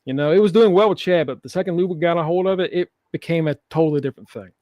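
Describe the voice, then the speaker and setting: A man with a high voice co-hosts a wrestling podcast, joking and cursing as he recaps the show. He acts out the wrestlers' lines in quotes. The sound is close and dry, with no room around it. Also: rapid-fire, darkish tone, dry recording, highs cut off. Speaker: podcast co-host. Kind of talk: casual wrestling chat.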